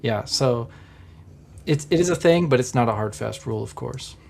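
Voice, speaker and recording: A man's voice: medium pitch, expressive, moderate pace, gravelly, darkish tone, a little hiss or hum. An Orthodox Christian man on a livestream panel, speaking earnestly and encouragingly, with lots of fillers. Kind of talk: casual livestream discussion.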